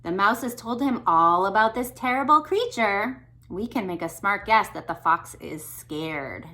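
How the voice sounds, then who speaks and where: A woman speech therapist reading a picture book aloud to children, gentle and encouraging, stopping to ask questions. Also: mid-range voice, expressive, unhurried. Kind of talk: read-aloud lesson for kids.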